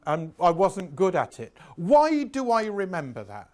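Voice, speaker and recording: A man's voice: high voice, huge pitch swings, measured pace, a little mellow. Chatty anecdotal lecturer in his sixties. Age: 60s. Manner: chatty, anecdotal and self-mocking. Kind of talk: revision lecture.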